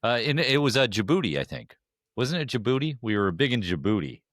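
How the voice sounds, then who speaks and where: A man's voice: mid-range voice, sing-song, fairly quick, fairly bright tone, no echo, clean studio sound. A man hosting a casual podcast chat, rambling with many fillers and restarts. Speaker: podcast host.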